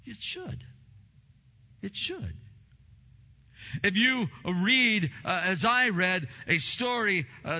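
A middle-aged male pastor preaching a sermon in an emphatic, repetitive style, with sudden loud bursts. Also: sits high. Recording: muffled sound with long hall reverb.

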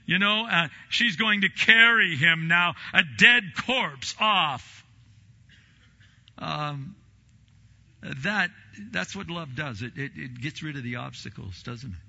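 A man preaching a sermon, acting out quoted voices with big swings in pitch and loudness. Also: takes it slowly, creaky, lo-fi sound. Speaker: pastor.

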